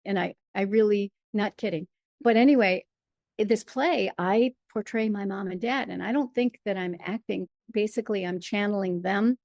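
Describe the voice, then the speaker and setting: A middle-aged American woman, a playwright and performer, telling stories in a casual interview with an animated, laughing manner. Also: medium pitch, normal speed, no echo, studio quality. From United States. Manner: animated storyteller, laughs often.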